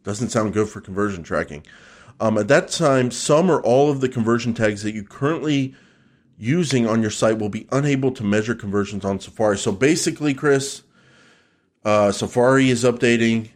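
A man's voice: medium pitch, normal speed. A man hosting a podcast in casual chat, teasing his co-host and joking around. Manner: joking, teasing, loose and chatty.

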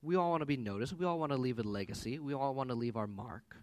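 A man's voice: medium pitch, quick pace. A man in his thirties preaching a sermon in a conversational way, mixing in personal stories. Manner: animated, conversational with personal anecdotes. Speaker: pastor.

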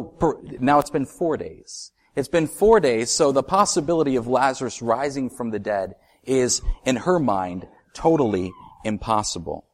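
Male pastor, mid pitch, preaching sermon, dynamic from loud to hushed.

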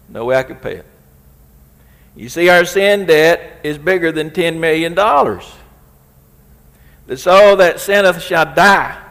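A man's voice: on the high side, fairly bright tone. A man preaches in a slightly raised voice, pressing his points with rising emphasis and reading scripture aloud. His words ring out with a long reverb, as in a large hall. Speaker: pastor. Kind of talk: sermon.

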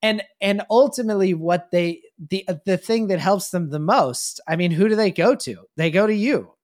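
A man's voice: sits high, normal speed, darkish tone. Man thoughtfully explaining ideas in casual chat. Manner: reflective, explains ideas thoughtfully with frequent fillers; swears casually. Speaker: podcast co-host.

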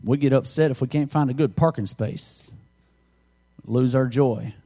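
A man's voice: mid-range voice, a little slow, dark tone, breathy edge. A middle-aged man, preaching a conversational sermon through folksy stories and jokes. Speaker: pastor.

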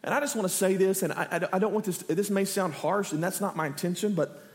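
A man's voice: sits high, fast talker. A male pastor preaching a sermon, earnest and rising to impassioned pleading. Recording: long hall reverb.

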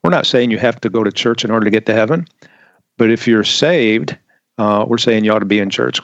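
A man's voice: lowish voice, a little fast, vocal fry, no echo, muffled recording. A man on a Christian podcast making an emphatic, clarifying point to listeners. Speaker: co-host. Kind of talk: casual podcast chat.

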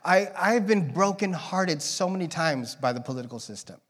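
A man with a fairly bright, somewhat high voice preaches casually to a church congregation as a guest, speaking at normal speed with animation. He jokes a lot and wanders into side tangents.

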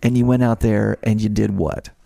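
A male podcast host with a dark, mellow tone and a dry, close sound. He talks like an eager fan and adds to what his guest says in a casual interview. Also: on the low side, fairly even intonation, moderate pace, creaky, no room sound. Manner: enthusiastic fan, builds on the guest's points.

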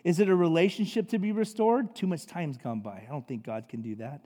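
Animated high-voiced preacher man. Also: brisk. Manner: animated, acts out quotes, conversational asides. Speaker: pastor. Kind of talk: sermon. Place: church sanctuary. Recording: long reverb of a large hall.

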